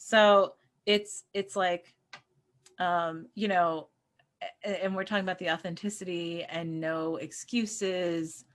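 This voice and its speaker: A middle-aged woman in casual spiritual conversation, telling personal stories with lively acted-out quotes and frequent laughs. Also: on the low side, slow pace. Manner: animated storyteller who acts out quotes and laughs. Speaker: co-host.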